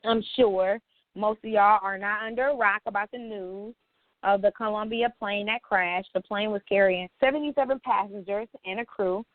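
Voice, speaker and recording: A woman's voice: medium pitch, fairly even intonation, moderate pace, dry recording. Woman co-host on a tinny phone line. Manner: casual, teasing, slangy. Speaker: podcast co-host. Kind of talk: casual podcast chat.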